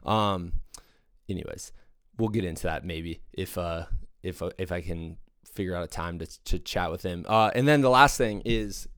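Deep-voiced enthusiastic man, rambling. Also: normal speed, fairly bright tone, clear, resonant tone, no room sound, clean studio sound. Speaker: podcast host. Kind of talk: casual monologue.

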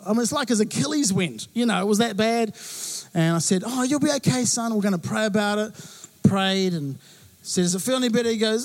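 Male pastor in his thirties from New Zealand, high voice, animated sermon storytelling. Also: a little fast. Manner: animated storytelling with acted-out quotes.

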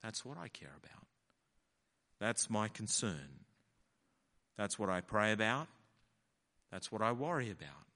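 A man's voice: fairly low pitch, big pitch swings, measured pace, long pauses, bright, forceful tone, full character voice. A man voicing a petty, self-centred male prophet who whines and makes demands, as part of his sermon. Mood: sulky demanding. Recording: long hall reverb.

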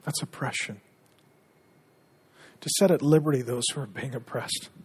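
A middle-aged man preaching a sermon as pastor, earnest, dropping to a hushed tone when telling stories. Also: mid-range voice, fast, husky.

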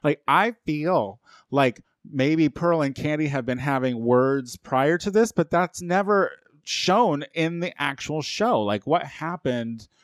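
A man co-hosting a casual podcast chat, animated and gossipy, swearing freely. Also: mid-range voice, no echo, clean studio sound. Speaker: podcast co-host.

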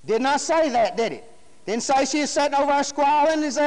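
With a very high-pitched, slightly darkish voice, a man preaches a folksy, emphatic sermon at a somewhat quick pace and with lively intonation. He keeps tossing rhetorical questions out to the congregation, and the recording carries a long hall reverb.

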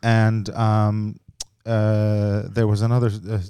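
This is a man from Lebanon chatting on a podcast, with a smooth, resonant voice in a dry room. He tells stories with lively energy and is quick to slip into voices. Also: on the low side, dry recording. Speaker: comedian guest. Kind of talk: casual podcast chat.

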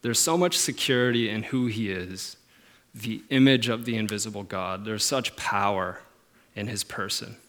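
A low-pitched man delivers a sermon. He talks earnestly, dropping to quiet musing and then rising to strong, stressed points. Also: normal speed. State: emotional at moments. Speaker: pastor.

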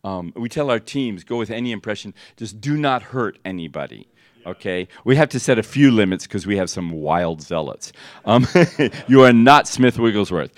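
A man teaching at a ministry school, telling stories and laughing often, jumping up in pitch as he acts out what people said. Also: lively intonation, normal speed. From United States. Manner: storytelling, laughs often, acts out dialogue with big jumps in pitch. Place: church teaching hall.

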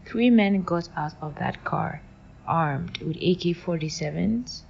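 A young woman from Nigeria telling a personal story in a wry, animated way. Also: on the low side, a little slow, vocal fry, slight background noise. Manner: wry, animated retelling with acted quotes. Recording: lo-fi with faint music.

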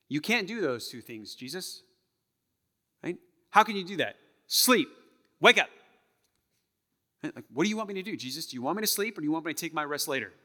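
A male pastor preaching a sermon, acting out tones of voice and sometimes dropping to a hush. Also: a little high, big-room sound. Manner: animated, acts out tones of voice, drops to a hush. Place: church sanctuary.

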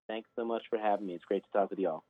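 Fields. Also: male voice, fairly low pitch, fairly even intonation, fast talker, no room sound. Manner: rambling, self-deprecating, many fillers and laughs. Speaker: guest composer. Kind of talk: casual interview. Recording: tinny phone line.

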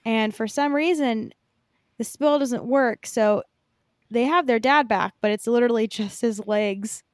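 Rambling young woman, high voice. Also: measured pace, dry recording, studio quality. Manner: rambling, filler-heavy, swears casually. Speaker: podcast co-host. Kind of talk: casual chat.

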